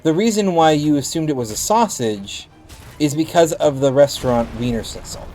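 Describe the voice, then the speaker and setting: A man's voice: a little high, animated, normal speed, mellow, soft background music. Man with a lisp, chatting while gaming. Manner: rambling, thinks aloud with restarts. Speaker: game streamer. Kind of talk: casual chat with stream viewers while gaming.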